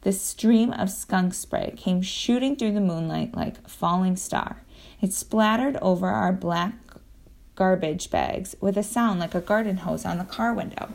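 A woman reading a children's adventure book aloud, telling it lively and acting out the sound effects. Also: mid-range voice, a little slow, gravelly. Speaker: audiobook narrator.

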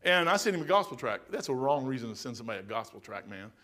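A man's voice: mid-range voice, big pitch swings, fast, sharp tone. A middle-aged man preaching a sermon in a folksy, emphatic storytelling manner.

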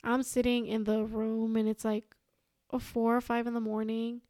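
A young woman telling a story as a podcast guest, animated and quoting herself and others. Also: fairly high pitch, normal speed, no room sound, clean studio sound. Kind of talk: casual storytelling.

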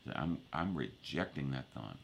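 Pastor guy with a super deep voice, chatty rambling sermon, faint room hum behind. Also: lively intonation, moderate pace, gravelly. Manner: conversational, rambling with many restarts and asides.

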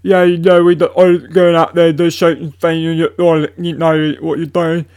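A man's voice: a little high, flat delivery, measured pace, darkish tone, pitched above the performer's own voice. A man imitating a young English male footballer who mumbles and rambles in a heavy English accent. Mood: mumbling. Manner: mumbled, rambling, hard to follow.

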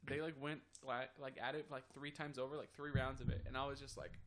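A man's voice: medium pitch, flat delivery, fairly quick, noisy background. A young man co-hosting a casual podcast chat, rambling through a story and acting out what everyone said. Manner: rambling storyteller, acts out quoted dialogue. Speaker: podcast co-host.

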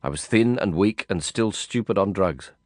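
A man reading a first-person novel aloud in a measured, brooding way. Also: low voice, lively intonation, dry recording, clean studio sound. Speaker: audiobook narrator.

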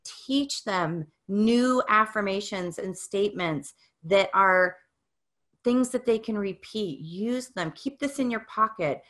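A woman's voice: medium pitch, slow pace, fairly bright tone. A middle-aged woman giving an upbeat, encouraging motivational talk, coaching the listener. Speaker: speaker on growth mindset.

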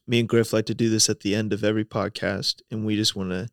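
A man's voice: lowish voice, fast talker, clear, resonant tone, no echo, clean studio sound. A man in his twenties co-hosting a podcast, chatting casually and telling stories with easy laughs. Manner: relaxed, laughing storyteller. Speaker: podcast co-host. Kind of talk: casual chat.

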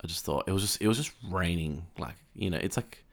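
Man, Australian accent, very low voice, casual podcast chat. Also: animated, a little fast, gravelly. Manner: rambling, laughs easily. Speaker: podcast co-host.

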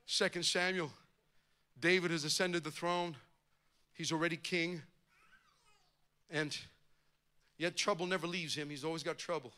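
A man's voice: fairly high pitch, steady tone, unhurried, pauses often, bright, forceful tone. A male pastor preaching a sermon with impassioned, rising emphasis.

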